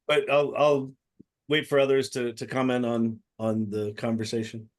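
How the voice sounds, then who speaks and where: A man's voice: mid-range voice, little pitch movement. Hesitant man on a group video call. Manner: halting, with frequent fillers and restarts. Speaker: meeting participant demoing a tool.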